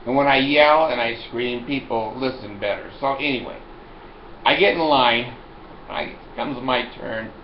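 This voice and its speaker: An older man telling a rambling comic story, loud and animated, often breaking into laughter. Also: mid-range voice, a little slow, reverberant, lo-fi sound, a little hiss or hum.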